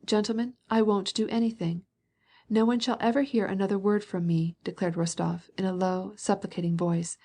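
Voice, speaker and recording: A woman narrates a classic novel for an audiobook in a warm, mellow voice. Her reading stays even and unhurried at a middle pitch, with small lifts of pitch and pace when characters speak. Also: husky. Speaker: audiobook reader.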